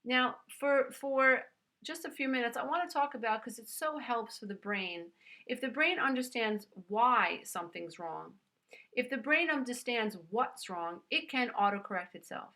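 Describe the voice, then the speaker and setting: New york lady doing an earnest self-help talk, bright edgy voice, kinda high. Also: lively intonation, normal speed. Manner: earnest and emphatic, addresses listener as "dear one". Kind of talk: motivational teaching talk.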